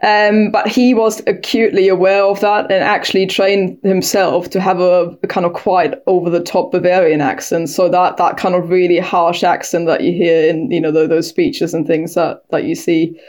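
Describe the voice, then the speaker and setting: A woman's voice: on the low side, level tone, normal speed, few pauses, darkish tone. A woman, a guest historian and author, explaining at length in long winding sentences in a conversation. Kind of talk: expert conversation.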